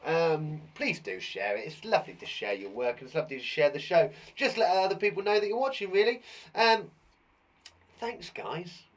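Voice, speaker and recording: Lively man hosting a kids' quiz. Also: a little high, moderate pace. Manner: enthusiastic, jokey, chatty. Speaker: teacher and host of a children's show. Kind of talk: live children's quiz show.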